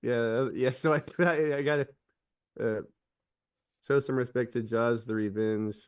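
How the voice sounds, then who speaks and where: A man's voice: mid-range voice, fairly even intonation, a little slow, clean tone, far from the mic. A man on a podcast, chatting casually and retelling a film scene with many restarts. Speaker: podcast co-host. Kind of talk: casual chat.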